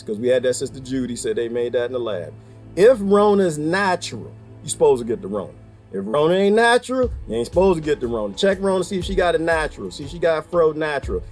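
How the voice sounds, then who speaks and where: A man's voice: on the high side, a little mellow. A man talking casually to his viewers in a rambling, joking monologue, laughing often and breaking into asides. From United States. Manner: addresses viewers as "people" and "y'all". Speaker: vlogger.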